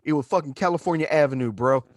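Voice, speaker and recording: A man's voice: fairly high pitch, fast, dry recording. A man, a stand-up comedian telling a profane story as a guest and acting out the quotes. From Chattanooga, Tennessee. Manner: animated, profane, acts out quotes.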